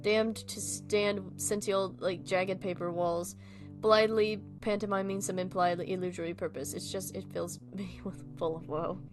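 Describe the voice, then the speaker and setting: A woman's voice: mid-range voice, level tone, normal speed, over music, lightly acted. A woman voicing a mournful, melodramatic goat who speaks in grand, old-fashioned laments. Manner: archaic, theatrical wailing delivery.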